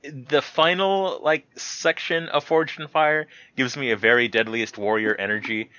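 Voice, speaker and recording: A young man with a bright, forceful voice joins a casual podcast as a guest and tells animated stories, slipping into imitations of the people he describes. The sound is dry and a little dull, as if the mic cuts off the top end. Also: mid-range voice, a little slow, smooth, no room sound.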